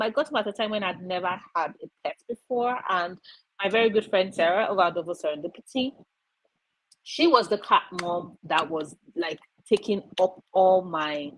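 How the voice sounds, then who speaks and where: A woman's voice: mid-range voice, normal speed, no room sound, rough recording. A woman hosting a live reading sprint stream, chatting casually and rambling with lots of fillers. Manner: chatty and rambling, many fillers, coos over her cat.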